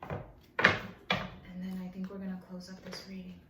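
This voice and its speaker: A woman's voice: fairly low pitch, monotone, unhurried, heavy background noise. A woman giving a heartfelt spiritual energy reading to her viewers. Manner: emotional, heartfelt. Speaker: tarot reader. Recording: roomy, distant mic with faint ambience.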